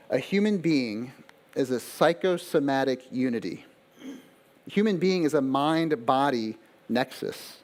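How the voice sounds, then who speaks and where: A man's voice: fairly high pitch, darkish tone. A male pastor preaching a sermon in a conversational style, full of asides and rhetorical questions.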